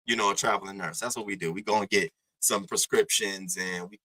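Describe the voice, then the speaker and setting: Young male commentary streamer, bright, tense tone, profane casual patter. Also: lowish voice, fairly even intonation, brisk, rough recording. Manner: loose, profane, slangy, shouts out chatters.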